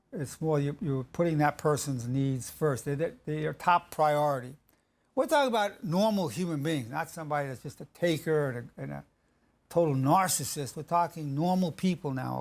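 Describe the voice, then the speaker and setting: A slightly high-pitched man with vocal fry talks casually about relationships, acting out quoted exchanges between partners. His conversational advice is marked by frequent restarts.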